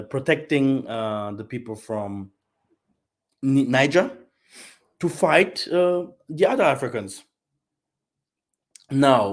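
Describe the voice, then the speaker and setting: A man speaking as a delivers heated political commentary to his channel audience. His voice sits at an ordinary middle pitch, and he swings between loud bursts and quiet asides. He often repeats words and checks in with a "yeah?". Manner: repeats words, frequent tag questions "yeah?". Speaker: channel host.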